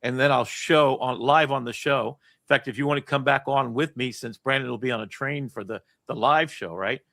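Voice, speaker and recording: A man's voice: mid-range voice, vocal fry, a bit bright, no room sound, clean studio sound. A man hosting an interview show in casual chat, talking enthusiastically and jumping between thoughts over a video call. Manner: enthusiastic, rambling, rapid shifts of thought. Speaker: host.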